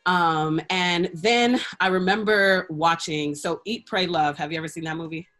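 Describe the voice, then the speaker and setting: A woman's voice: fairly low pitch, moderate pace, faint music behind. A woman guest in a casual interview, telling a personal story candidly and acting out the lines of people in it, often laughing. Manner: expressive, laughs often, acts out quoted dialogue. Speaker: interview guest, radio personality and life coach.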